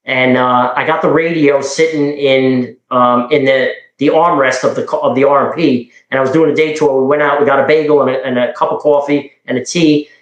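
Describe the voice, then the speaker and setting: A middle-aged man from New York casually telling police stories in a rambling, animated way, quoting dialogue. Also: medium pitch, fairly quick, few pauses, echoey room, highs cut off. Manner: rambling, animated, with frequent restarts and quoted dialogue. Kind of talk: casual storytelling.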